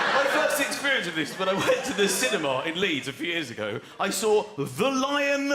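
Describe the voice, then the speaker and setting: A man from the South of England doing a stand-up comedy routine, animated and acting out characters in silly voices. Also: high voice, moderate pace, hardly any pauses. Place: theatre stage before a laughing audience. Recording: echoey live venue with loud crowd noise.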